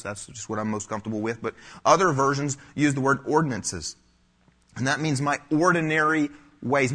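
Preacher guy, kinda husky, acts out little voices mid-sermon. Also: medium pitch, pushed and bright. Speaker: pastor. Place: church before a live congregation.

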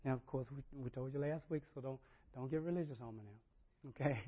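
A man's voice: mid-range voice, brisk, muffled recording. A male pastor delivering a sermon conversationally, often checking in with the congregation.

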